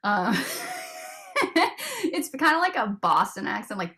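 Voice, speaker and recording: A woman's voice: on the high side, huge pitch swings, slow pace, sharp tone. A woman from Rhode Island with a neutral American accent, chatting as a guest on a video call, giggly and full of fillers. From Rhode Island, USA. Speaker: guest musician. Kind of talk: casual interview chat.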